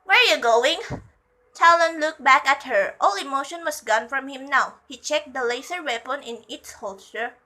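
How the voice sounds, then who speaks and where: A woman's voice: high-pitched, moderate pace, hardly any pauses, sharp tone, low-quality recording. A young woman reading a fan fiction story aloud, breaking off for gushing, giggly asides.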